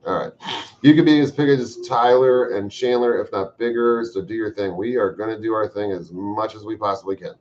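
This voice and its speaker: A man hosting a livestream, chatting casually and reading out viewer comments with profane, joking bursts of loud emphasis. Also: on the low side, fairly quick. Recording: slightly dull lo-fi stream audio.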